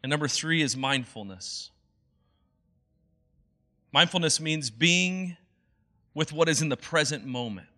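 A man's voice: a little high, lively intonation, unhurried, pauses often, bright, forceful tone. A young adult man preaching a sermon as a pastor, in an earnest, conversational way. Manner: earnest, conversational, acts out quoted voices.

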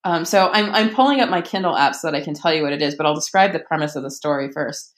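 A woman author chats casually about what she is reading. Her voice sits a little low, and she fills the gaps with ums while acting out quotes with animation. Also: fast talker. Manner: chatty, many fillers, animated quoting. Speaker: author guest. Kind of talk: casual podcast conversation.

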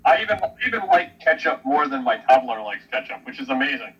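A man's voice: medium pitch, big pitch swings, quick pace, noisy background. A young man co-hosting a casual chat, blunt and emphatic in his opinions. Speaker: podcast co-host.

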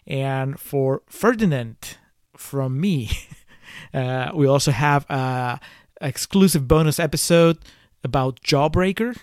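A man's voice: medium pitch, slow, clear, resonant tone, no room sound, clean studio sound. A man hosting a casual movie-review podcast, talking in a hesitant way with frequent restarts. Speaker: podcast host.

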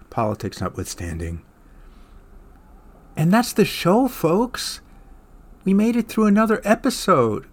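A man in his fifties with a gravelly, creaky edge, talking through the songs he just played. He is a music show host who keeps it casual and chatty, often pausing with fillers. His pitch sits in an ordinary middle range. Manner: relaxed and chatty, with frequent fillers. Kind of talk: casual radio back-announcing.

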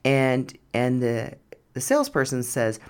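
A woman's voice: extremely low pitch, big pitch swings, a little slow, clear, resonant tone. A woman hosting a podcast, telling a story in a chatty, frank way and laughing often. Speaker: podcast host. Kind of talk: casual storytelling monologue.

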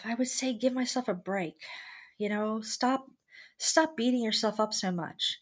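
A woman's voice: fairly high pitch, unhurried. Earnest middle-aged woman telling her story. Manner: earnest, candid and reflective. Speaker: interviewee. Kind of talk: personal storytelling in an interview.

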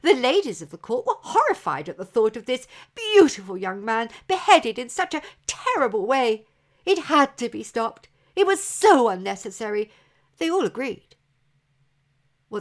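Woman storyteller, unhurried and dramatic, for a spoken legend. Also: a little high. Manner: slow, dramatic, expressive telling. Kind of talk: oral storytelling of an old legend.

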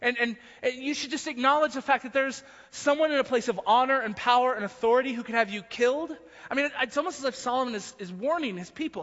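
A man's voice: extremely high pitch, fast, fairly bright tone. A man preaching a sermon in an emphatic way, often repeating words as he builds a point. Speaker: pastor. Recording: muffled hall recording.

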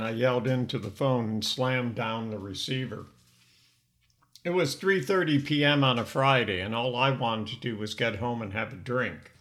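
A man's voice: medium pitch, normal speed, fairly bright tone. An older man hosting a podcast, telling his own life story in an earnest, reflective scripted narration. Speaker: podcast host.

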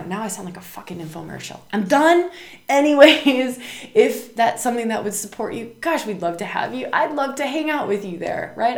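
Emphatic woman host in an echoey room. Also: a little high. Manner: emphatic, repeats words and tags "right?". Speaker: podcast host. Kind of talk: spiritual astrology talk.

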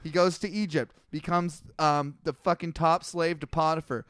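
A man co-hosting a comedy podcast, telling stories in a crude, rapid-fire way and slipping into mock voices for the people in them. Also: fairly high pitch, steady tone, fairly bright tone, clean tone, no echo, studio quality. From Canada. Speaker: podcast co-host. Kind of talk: casual comedic retelling.

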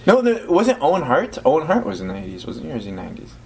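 A man co-hosting a podcast, trading quick wisecracks and laughing often. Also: sits high, sing-song, vocal fry, darkish tone. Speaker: podcast co-host. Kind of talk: casual joking chat.

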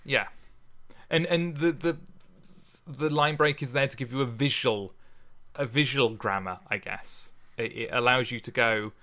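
A man, co-hosting a podcast in casual, animated chat. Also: medium pitch, measured pace. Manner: chatty, animated, laughs often. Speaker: podcast co-host.

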